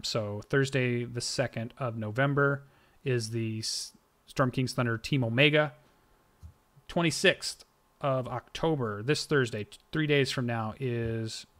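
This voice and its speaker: A man's voice: medium pitch, a bit bright. A man serving as game master, casually wrapping up a streamed tabletop game session with loose, rambling announcements and frequent ums. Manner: casual, loose, with many ums and self-corrections.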